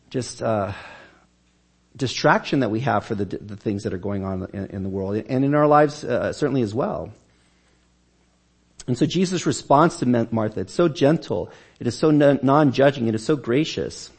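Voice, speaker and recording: A man's voice: mid-range voice, creaky, darkish tone, breathy edge. A man preaching a sermon as pastor of a church, talking in a conversational way and often repeating and restarting words.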